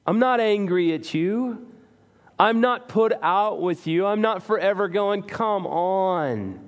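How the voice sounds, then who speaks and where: A man's voice: high voice, a little mellow. A man preaching a sermon as a pastor, talking to his congregation in an earnest, conversational way with self-deprecating humor. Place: church sanctuary. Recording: reverberant hall.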